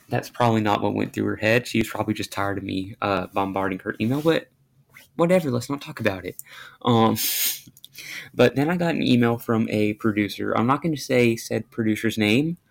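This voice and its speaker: A man hosts his own podcast, telling a story in a casual, rambling monologue that's self-deprecating and full of fillers and restarts. His voice is fairly low and gravelly.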